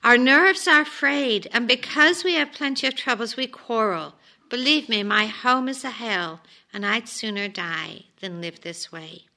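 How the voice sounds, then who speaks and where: A woman's voice: fairly high pitch, a little slow, sharp tone. A woman voicing a desperate poor village man who pleads and laments as she reads a story aloud. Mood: lamenting.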